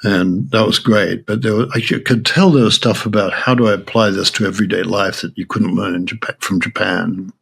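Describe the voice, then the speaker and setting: Older aussie guy, lowish gravelly voice, stop-start storytelling, laughs a lot. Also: steady tone, fairly bright tone. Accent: Australian. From Australia. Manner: halting, many restarts, laughs often. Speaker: Zen teacher. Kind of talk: reflective interview storytelling.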